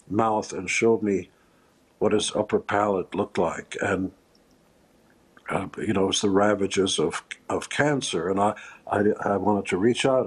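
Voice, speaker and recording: A lower-pitched man with a husky, breathy voice, speaking as a guest in a live news interview from a remote location. He talks haltingly and with emotion, often restarting his sentences and filling gaps with "uh." The words come slowly and unevenly. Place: remote location far from the studio.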